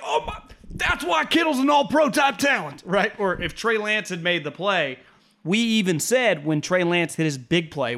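Guy cohosting a sports pod, kinda high voice, rambles and swears. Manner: rambling, profane, animated. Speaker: podcast co-host. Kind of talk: casual sports podcast chat.

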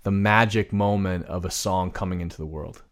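A man co-hosting a music podcast, talking earnestly and deliberately, reading lyrics aloud. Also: sits low, fairly even intonation. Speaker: podcast co-host. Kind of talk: casual music podcast chat.

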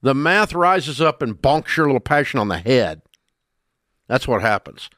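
A man's voice: mid-range voice, sing-song, normal speed, fairly bright tone, dry recording, clean studio sound. An older man with a Southern US accent hosting a radio talk show, ranting bluntly and emphatically about money mistakes.

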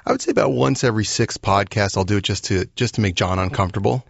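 A man's voice: on the low side, fast, vocal fry, no room sound, highs cut off. A man as a guest on a podcast, joking in a wry, self-deprecating way. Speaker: guest screenwriter. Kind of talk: casual interview chat.

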